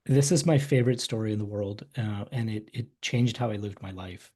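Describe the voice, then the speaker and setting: A man who speaks as a guest on a webinar, telling a personal story in an animated way with frequent restarts. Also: on the low side, normal speed, slightly rough.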